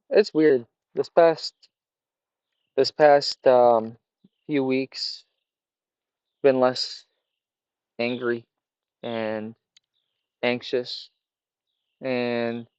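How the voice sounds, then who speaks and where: A man's voice: mid-range voice, darkish tone, clean tone, no room sound. A man talking casually and reflectively to camera, rambling with many fillers and restarts, outdoors by a fire. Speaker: vlogger. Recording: dull lo-fi sound.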